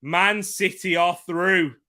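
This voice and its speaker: A man hosting a live football watchalong, excitable, laughing often and shouting out at near chances. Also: high voice, slow pace.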